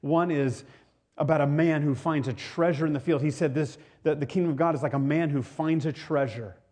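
A man's voice: a little high, a little fast, darkish tone. A male pastor preaching a sermon to his congregation in a conversational way, often repeating words and asking the listeners questions.

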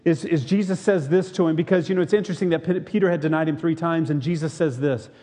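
A pastor preaching a sermon, retelling a scripture story and asking the listeners rhetorical questions. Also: male voice, on the high side, fast talker, mellow, in a large hall.

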